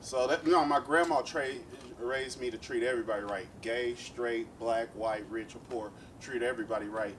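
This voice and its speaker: A man's voice: medium pitch, steady tone, normal speed, hardly any pauses, noisy background. A man from East Oakland doing a profane stand-up comedy set with playful asides. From East Oakland, California. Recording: live club set, distant mic, loud crowd.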